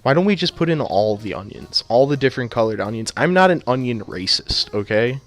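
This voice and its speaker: A male esports caster calls a video game match live in an animated, brisk mid-range voice, trading playful jokes and banter with his co-caster.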